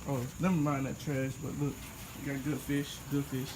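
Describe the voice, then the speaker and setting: A man's voice: mid-range voice, little pitch movement, moderate pace, heavy background noise. A young man vlogging outdoors on a phone camera, exasperated and repeating himself as he shows damage. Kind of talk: dramatic vlog walkthrough.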